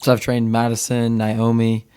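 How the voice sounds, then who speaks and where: Sex: male. Role: personal trainer, podcast guest. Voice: mid-pitched and plain. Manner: earnest, explanatory, full of "like" fillers. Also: monotone, moderate pace, dark tone, clear, resonant tone. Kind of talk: casual interview chat.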